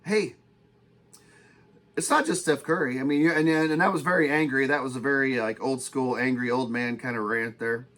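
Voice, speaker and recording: Calm dry-voiced man reading stats. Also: medium pitch, fairly quick, hardly any pauses. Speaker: podcast host. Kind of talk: casual podcast chat.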